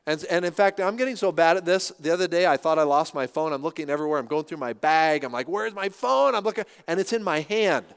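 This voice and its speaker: A middle-aged male pastor preaching a sermon in an animated, conversational way, with self-deprecating humor. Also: fairly high pitch, fast, few pauses, clear, resonant tone. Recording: reverberant hall.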